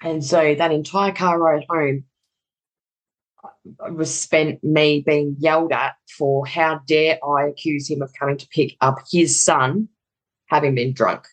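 A woman's voice: low voice, measured pace, low-quality recording. A woman in her thirties with an Australian accent, a guest in an interview, candidly recounting a hard personal story and acting out what she thought and said along the way. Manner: animated retelling with quoted inner dialogue.

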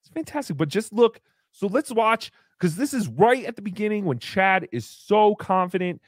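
On a podcast, a woman host delivers sarcastic, theatrical commentary on a comedy roast, slipping into mocking voices. Her voice is medium-pitched and animated at a moderate pace, captured in a dry, clean studio recording.

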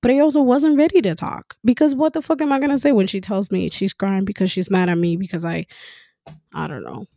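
A woman speaking in a casual monologue as a mother, frank and animated, swearing freely and laughing often. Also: mid-range voice, a little fast, no echo, studio quality. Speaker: mother talking about parenting.

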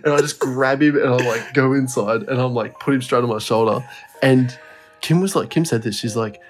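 A man's voice: medium pitch, moderate pace, faint music behind. A man co-hosting a podcast, telling a story in a rambling, laughing way with a lot of swearing. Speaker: podcast co-host. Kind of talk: casual storytelling chat.

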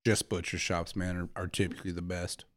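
Co-hosting a podcast, a man with a deep voice and little pitch variation speaks briskly, telling rambling stories and often laughing during casual chat. The clean studio recording has no echo.

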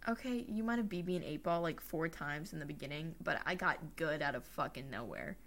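A young woman co-hosting a podcast, telling stories in a giggly, animated way, swearing now and then. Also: low-pitched, brisk. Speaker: podcast co-host. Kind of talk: casual chat.

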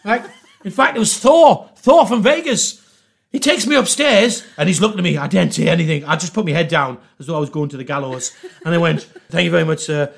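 High gravelly storyteller. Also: male voice, fairly quick. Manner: animated, acts out voices, lots of swearing. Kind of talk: comic storytelling.

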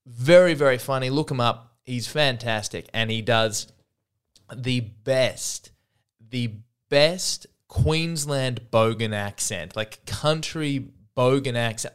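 A man hosting his own comedy podcast, rambling and self-deprecating, jumping his pitch up for emphasis. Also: slow pace, clean tone. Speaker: podcast host. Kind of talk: solo comedic monologue.

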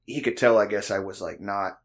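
A man's voice: on the low side, fairly quick. Profane man telling a story. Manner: profane, laughing, animated storyteller. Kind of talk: casual storytelling chat.

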